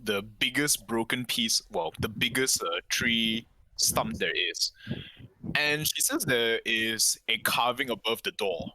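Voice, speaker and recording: A man's voice: mid-range voice, takes it slowly, sharp tone, slight background noise, rough recording. A man running a tabletop game as game master, patient and given to repeating reassurances. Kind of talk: narrating a tabletop game online.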